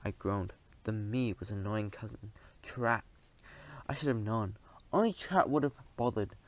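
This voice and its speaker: A man reading a children's audiobook aloud as a first-person narrator, in a lively, expressive telling. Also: on the low side, measured pace, low-quality recording.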